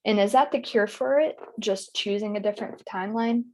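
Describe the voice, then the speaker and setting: Woman practitioner with a medium-pitched voice, softly asking guiding questions. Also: brisk. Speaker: session practitioner. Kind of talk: guiding a trance session.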